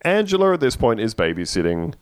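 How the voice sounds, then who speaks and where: A man's voice: lowish voice, big pitch swings, brisk, clear, resonant tone, dry recording. A man co-hosting a casual podcast, recapping a TV episode with profane, sarcastic humor. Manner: profane, sarcastic, acts out characters' lines in jokey voices. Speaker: podcast co-host.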